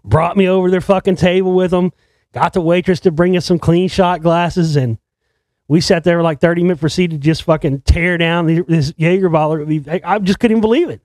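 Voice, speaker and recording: Brief: male storyteller, raised pitch, dry close sound, loose and profane, keeps restarting. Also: steady tone, a little fast, a little mellow, no room sound. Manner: profane, rambling, with many restarts. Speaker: filmmaker telling a story. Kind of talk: casual storytelling.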